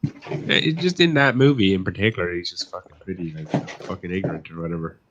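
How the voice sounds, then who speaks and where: A man's voice: sits low, sing-song, brisk. A man on a casual live panel chat, talking bluntly and swearing freely. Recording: dull lo-fi audio with faint noise.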